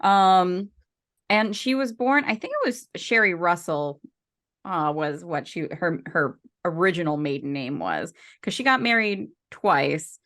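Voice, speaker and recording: Podcast co-host, female, low-pitched, chatty and loose, lots of ums and restarts. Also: lively intonation, unhurried, fairly bright tone. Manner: chatty, rambling with many fillers and restarts. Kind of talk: casual podcast chat.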